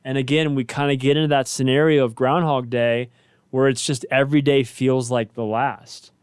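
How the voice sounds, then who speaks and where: A man with a smooth, clear voice in a middle register, a pastor co-hosting a faith talk show. He talks reflectively and conversationally, as if chatting with listeners. The recording is dry and close. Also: mid-range voice, level tone, moderate pace, no room sound. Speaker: pastor, co-host.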